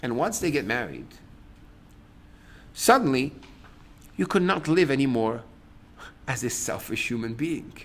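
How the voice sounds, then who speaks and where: A middle-aged man, a rabbi, giving a lecture to a class on relationships. He tells stories in a lively way, acts out what people say, and breaks into sudden loud outbursts. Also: sits high. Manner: animated storyteller, acts out quotes, sudden loud bursts.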